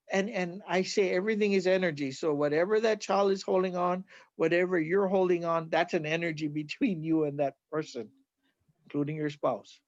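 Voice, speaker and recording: Earnest Hawaiian healer man, high voice. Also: dry recording, lo-fi sound. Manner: earnest, repeats "right?" often. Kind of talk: conversational interview, teaching.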